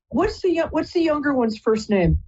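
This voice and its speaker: A woman's voice: high-pitched, a little mellow, lo-fi sound. A woman hosting a live call-in psychic reading, chatty and rambling, often stopping to apologize. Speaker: psychic reader and host.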